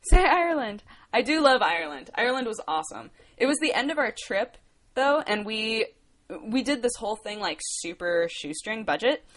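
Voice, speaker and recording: A woman's voice: on the high side, lively intonation, normal speed, a bit bright. A woman in her twenties from the United States, chatting casually on a livestream, rambling and laughing as she answers viewer questions. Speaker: livestream host.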